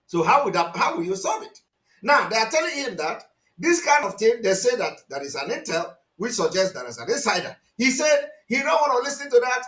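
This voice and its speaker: A man with a Nigerian accent commenting on news clips during a livestream, agitated and repetitive, sometimes shouting. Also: high voice, sing-song, fairly quick, echoey room. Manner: agitated, repeats phrases, shouts at points. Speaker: online commentator.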